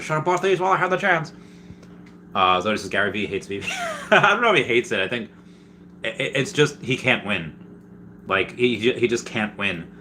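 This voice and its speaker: A man hosting a casual livestream, reading viewer comments and rambling excitedly, with many restarts and jokes. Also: on the low side, slight background noise. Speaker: livestream host reading chat.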